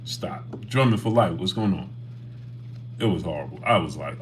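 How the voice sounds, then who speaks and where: A man's voice: low-pitched, lively intonation, normal speed, noisy background. A man hosting a casual boxing livestream, talking animatedly and greeting chat viewers by name.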